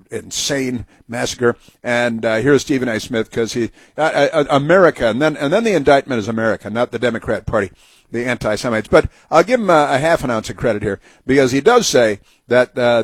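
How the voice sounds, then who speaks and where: A man's voice: medium pitch, dry recording. A man hosting a talk radio show, delivering sarcastic, mocking commentary that rambles with many fillers and restarts.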